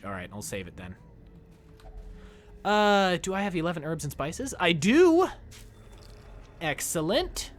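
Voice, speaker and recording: A young man from the United States, streaming a game, chats casually with his viewers in a mid-range voice, with slight background noise present. He jokes a lot, is easily excited, and squeals in delight whenever things go well for him.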